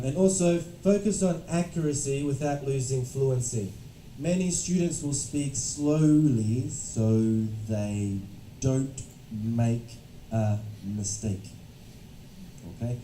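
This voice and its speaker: A man teaching a classroom of test-prep students, explaining clearly and checking in with the class as he goes. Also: mid-range voice, warm tone, a little hiss or hum. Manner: instructive, repeats "right?" to check understanding. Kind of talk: classroom lecture. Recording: roomy classroom from a distance.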